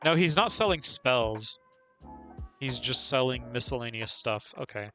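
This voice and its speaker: Bright-voiced chatty male game streamer. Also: medium pitch, expressive, measured pace, faint music behind. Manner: chatty, laughs often, narrates own moves. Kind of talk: casual live gameplay commentary.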